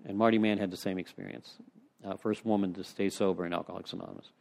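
A man's voice: sits low, fairly even intonation, fast talker, gravelly, darkish tone. A man leading a recovery step study, telling rambling conversational stories to a group in a meeting room. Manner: rambling, conversational storytelling with frequent "you know". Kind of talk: informal recovery talk to a group.

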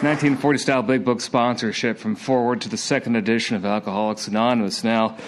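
A man serving as meeting secretary, reading announcements in a brisk, matter-of-fact way. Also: medium pitch, steady tone, crowd noise, background noise.

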